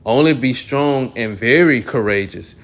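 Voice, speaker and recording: Man reading scripture with throat-clearing. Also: medium pitch, unhurried. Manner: clears throat often, restarts phrases. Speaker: Bible teacher.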